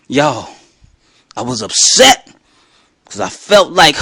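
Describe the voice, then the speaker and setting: Man, bright voice, lively swooping pitch, emphatic faith testimony, addresses listeners directly. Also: slow, pauses often, dry recording. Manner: emphatic, talks straight to listeners. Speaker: Christian speaker. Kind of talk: animated testimony storytelling.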